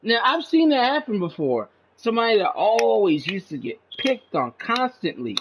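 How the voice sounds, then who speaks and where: A man talking in a casual, rambling monologue to his channel, profane and agitated, saying "man" a lot, with his pitch jumping up when he gets indignant. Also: sing-song, moderate pace, background noise. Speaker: channel host. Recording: dull lo-fi recording.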